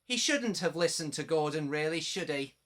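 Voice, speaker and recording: A man reading a storybook aloud to young children, addressing them directly. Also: fairly high pitch. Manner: slow, animated, addressing children.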